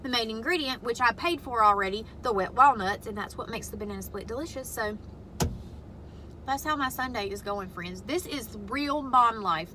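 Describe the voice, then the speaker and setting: Bright-voiced frustrated mom venting. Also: female voice, sits high, a little hiss or hum, poor audio. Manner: frustrated, blunt and profane, retelling a family fight. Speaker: vlogger and mother. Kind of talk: venting casual vlog to camera. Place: inside her parked car.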